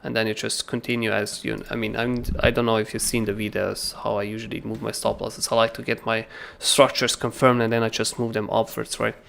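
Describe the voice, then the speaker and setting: A man hosting a crypto trading livestream, talking through charts in a casual, animated way and often asking "right?". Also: fairly low pitch, fairly quick, gravelly, hardly any pauses.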